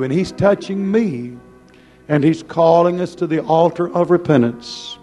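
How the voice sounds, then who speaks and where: Slow, pleading male preacher. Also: on the high side, mellow. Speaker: pastor. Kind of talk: sermon.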